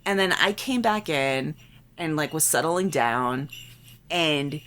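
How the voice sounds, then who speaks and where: A woman's voice: sits low, slow. A woman in her late twenties, a podcast co-host, telling a ghost story in casual chat, acting out quotes and filling with "like". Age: late 20s. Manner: animated, acts out quotes, many "like" fillers.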